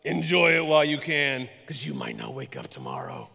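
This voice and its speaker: A man voicing a stranger who shouts blunt, foreboding warnings from a wall. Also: a little high, huge pitch swings, normal speed, gravelly, long reverb tail, heavily acted.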